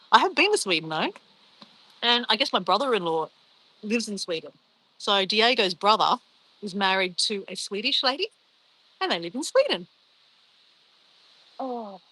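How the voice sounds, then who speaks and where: A woman's voice: medium pitch, sing-song, measured pace, pauses often, bright, forceful tone, slightly rough, rough recording. An Australian woman chatting casually and bubbly on a travel live stream, reacting to her viewers.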